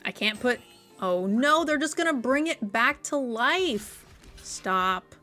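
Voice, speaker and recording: A woman's voice: high-pitched, animated, measured pace, sharp tone, soft background music. A woman streamer giving gameplay commentary, thinking aloud and playfully exasperated as she plays.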